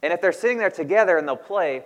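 A man's voice: high-pitched, lively intonation, fast talker, muffled recording. A man in his thirties preaching a sermon in a casual, conversational way with frequent laughs. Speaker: pastor. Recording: long reverb of a hall.

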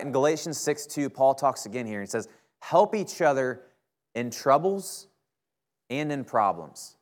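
A young male preacher speaking to a campus group. His delivery is conversational and sincere, and he often checks in with his listeners. His voice sits at an ordinary middle pitch. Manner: conversational, earnest, keeps asking "right?". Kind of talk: sermon.

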